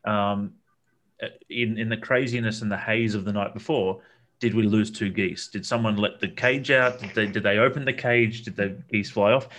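Man, low voice, rambling anecdote with plenty of ums and restarts. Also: steady tone, normal speed, fairly bright tone. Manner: rambling, with many fillers and repeated words. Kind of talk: casual storytelling chat.

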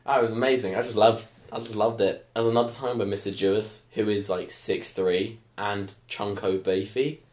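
Young man, lowish voice, casual storytelling, filler-heavy, echoey room. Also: steady tone, moderate pace, hardly any pauses, a little mellow. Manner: rambling, heavy "like" fillers, laughs at own stories. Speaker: podcast co-host.

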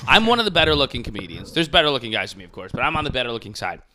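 A man's voice: mid-range voice, sing-song, rapid-fire, bright, forceful tone. A man, a comedian, hosting a casual podcast chat, ranting with profanity.

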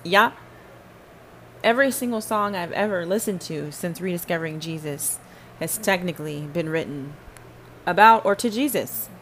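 Talking directly to listeners, a woman hosts a faith podcast in a casual, emphatic, preachy manner. Her voice sits at medium pitch with a slightly bright quality, and there's a bit of hiss or hum.

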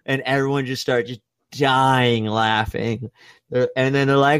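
A man's voice: flat delivery, measured pace, fairly bright tone, clear, resonant tone, no room sound. Young man telling crude stories, dry mic. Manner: crude, profane, playful storytelling; acts out voices with big pitch jumps. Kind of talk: casual storytelling chat.

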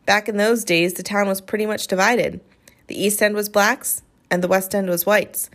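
Expressive woman reading an audiobook. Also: medium pitch, normal speed. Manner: expressive, storytelling. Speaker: narrator.

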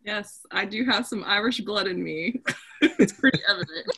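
A woman's voice: mid-range voice, animated, normal speed, vocal fry, bright, forceful tone. A woman co-hosting a podcast in casual chat, wry and laughing as she talks. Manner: wry, laughs while talking. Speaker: podcast co-host.

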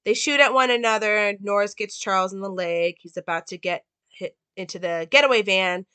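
A woman walks through a film's plot and meaning in a relaxed, rambling way. Her voice is bright and crisp, and the recording is dry with no room sound. She fills her pauses with "like" and "um.". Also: mid-range voice, no room sound. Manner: loose, with many "like" and "um" fillers. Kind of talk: casual film analysis and plot recap.

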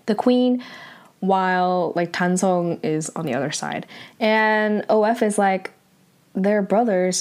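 A woman's voice: mid-range voice, darkish tone. A young woman casually recapping a drama episode, chatty and full of "like" and "um". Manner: chatty, heavy use of "like" and "um".

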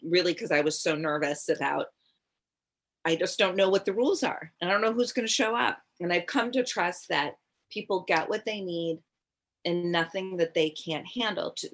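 Middle-aged woman, low voice, rambling storyteller, a medium recalling readings in casual chat. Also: a bit bright. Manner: rambling, self-interrupting, with frequent "like" and "um".

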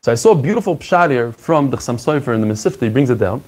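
A man teaching a Talmud class, talking quickly and with excitement, mixing in Hebrew and Aramaic terms and acting out the rabbis he quotes. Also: medium pitch.

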